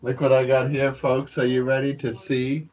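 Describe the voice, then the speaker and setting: A man's voice: mid-range voice, completely flat delivery, normal speed, darkish tone. A young man playing a comedy character, delivering a crude, rambling rant to the camera with profane, mumbled asides.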